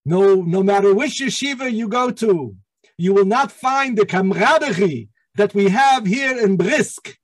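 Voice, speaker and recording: A man's voice: sits high, animated, a little slow, voice pushed up. A man voicing a kindly elderly male yeshiva head who speaks with a thick European accent and a raised, coaxing voice.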